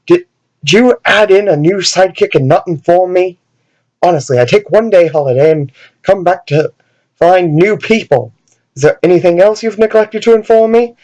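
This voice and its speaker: Brief: a man doing a fussy older English butler, fake British accent, prim and scolding, pitched a bit high. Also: moderate pace, a little mellow, close to an everyday voice, rough recording. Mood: exasperated scolding. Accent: put-on British.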